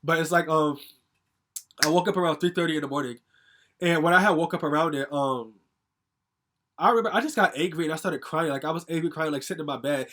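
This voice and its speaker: A young man rants through a personal story, quick and fired up. His voice sits high for a man, and he swears freely and fills his talk with likes and ums. It is casual storytime talk aimed straight at his viewers. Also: a bit bright. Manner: angry, profane, ranting with many fillers. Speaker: vlogger telling a story.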